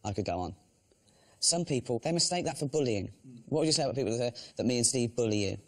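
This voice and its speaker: A man's voice: medium pitch, animated, fast talker. An English man hosting a casual chat, teasing and mocking his friend. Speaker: host.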